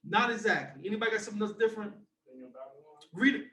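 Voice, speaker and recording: A man teaching scripture to a group in an animated preaching style, sometimes shouting. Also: high voice, fast talker, reverberant, distant mic, rough recording. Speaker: Bible teacher.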